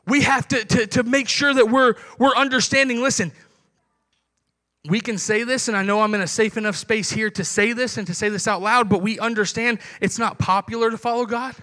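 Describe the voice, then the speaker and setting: Young man, preacher, sermon, very high voice, conversational, acts out dialogues. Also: steady tone, brisk, sharp tone.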